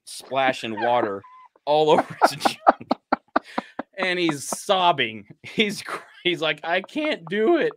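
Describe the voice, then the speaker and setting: A man's voice: mid-range voice, fairly bright tone, a little hiss or hum. A man who works as a police officer, telling stories in a laid-back, casual chat full of "you know" fillers. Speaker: podcast host, police officer.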